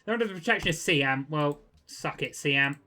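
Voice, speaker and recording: A young man giving casual gameplay commentary, chatty and quick to get exasperated, with jokey asides. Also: a little high, animated, sharp tone, slight background noise. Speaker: gaming video creator.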